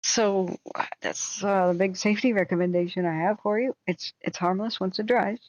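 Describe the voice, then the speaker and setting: A woman's voice: mid-range voice, steady tone, moderate pace, darkish tone, no room sound, muffled recording. A woman chatting casually on a live stream, talking emphatically and repeating words as she starts sentences, with a slightly sore voice. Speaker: wildfire-tracking live streamer. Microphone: home streaming setup.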